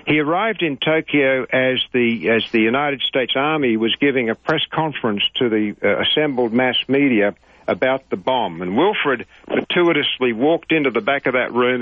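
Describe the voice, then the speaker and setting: A man's voice: medium pitch, a little hiss or hum. Guy rambling thru a story on a phone call into a radio show, lo-fi tinny sound. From Australia. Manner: digressive, anecdotal, self-correcting. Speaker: interview guest.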